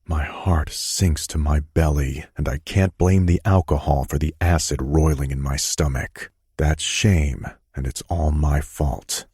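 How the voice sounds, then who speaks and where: Deep husky male audiobook narrator. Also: unhurried, few pauses, no echo, studio quality. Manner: soothing and even. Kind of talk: scripted first-person narration.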